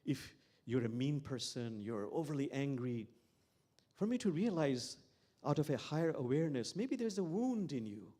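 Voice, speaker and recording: Reflective imam telling stories. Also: male voice, mid-range voice, big pitch swings, normal speed, warm tone. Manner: reflective, repeats key phrases. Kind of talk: sermon with storytelling.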